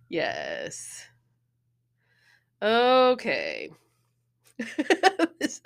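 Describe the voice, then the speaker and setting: Giggly low-voiced woman podcast host. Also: big pitch swings, slow, a bit bright. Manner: giggly, laughs often. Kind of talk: casual movie-trivia chat.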